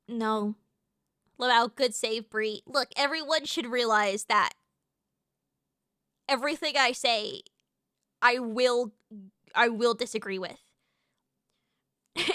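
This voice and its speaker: A woman's voice: high-pitched, bright, forceful tone, smooth, no room sound, clean studio sound. A woman from the United States chatting on a livestream, ranting and swearing in a playfully indignant way. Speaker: streamer. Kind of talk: casual livestream chat.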